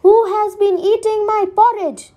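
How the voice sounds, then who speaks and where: A woman's voice: extremely high pitch, steady tone, a little slow, mellow, voice pushed up. A woman voicing a cross mother bear in a storybook reading, grumbling in a raised voice.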